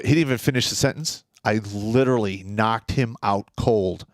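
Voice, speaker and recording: A man's voice: medium pitch, a little fast, dry recording. Man, podcast co-host, blunt and profane, casual storytelling, dry close sound.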